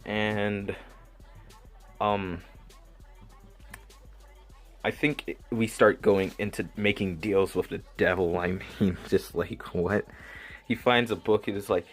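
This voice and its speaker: A man giving a casual anime review, retelling the plot in an excited, rambling way with many restarts. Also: lowish voice, slow, long pauses, faint music behind.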